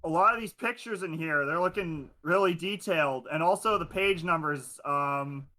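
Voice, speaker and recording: A man's voice: on the high side, moderate pace, bright, forceful tone. A man playing a tabletop role-playing game, hesitant and rambling with many fillers. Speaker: player. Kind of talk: casual tabletop play.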